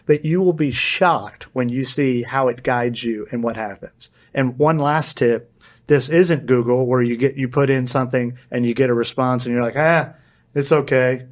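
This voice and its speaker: Energetic man explaining on a podcast. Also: medium pitch, normal speed. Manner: energetic, explanatory, acts out quoted dialogue. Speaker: podcast guest, AI consultant. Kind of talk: podcast interview.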